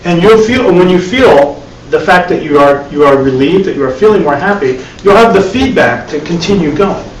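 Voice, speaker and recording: A man's voice: on the high side, lively intonation, moderate pace, hardly any pauses. A man teaching a live spiritual class, talking conversationally with repeated words and wry asides. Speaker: meditation teacher. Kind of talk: live dharma class talk. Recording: echoey room, distant mic, faint hiss.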